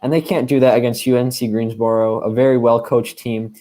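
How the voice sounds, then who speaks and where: A man's voice: mid-range voice, flat delivery, a little fast, mellow. A young man on a sports panel, analyzing games in an emphatic way.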